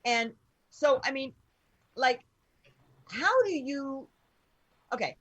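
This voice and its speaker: A woman's voice: sits high, lively intonation, slow pace, a bit bright, no room sound. A woman hosting a casual interview show, blunt and rambling, who swears freely. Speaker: radio show host.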